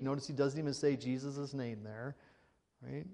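A man's voice: medium pitch, steady tone, moderate pace, gravelly, warm tone, in a large hall. A male pastor preaching a sermon in a conversational way, reading scripture aloud and asking the congregation rhetorical questions.

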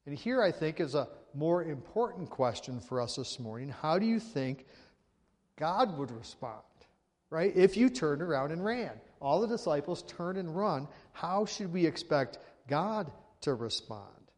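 A man's voice: a little high, sing-song, unhurried, a little mellow, big-room sound. A male pastor preaching a sermon in a conversational way, reading scripture aloud and asking the congregation rhetorical questions.

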